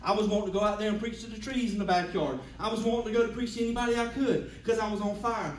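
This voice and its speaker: A man, preaching a sermon as pastor, humming between lines and building to shouts. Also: high-pitched, fairly even intonation, fast talker, few pauses, echoey room, distant mic, low-quality recording. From Georgia, US. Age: 40s. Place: church sanctuary.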